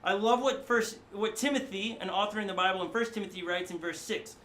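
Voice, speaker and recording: A middle-aged male pastor preaching a sermon in a studio, animated and conversational, often acting out voices. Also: high voice, fairly quick.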